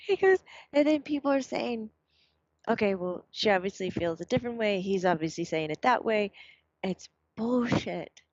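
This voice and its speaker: A woman talking casually, passing on her son's words in a chatty, animated way with plenty of fillers. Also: mid-range voice, fairly quick, no echo. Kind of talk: casual chat. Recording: dull, dry, lo-fi sound.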